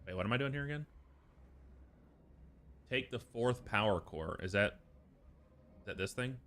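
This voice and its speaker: A man streaming a video game, chatting casually, excitable and exclamatory, swearing often. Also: lowish voice, normal speed, a little hiss or hum. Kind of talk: casual gameplay chat.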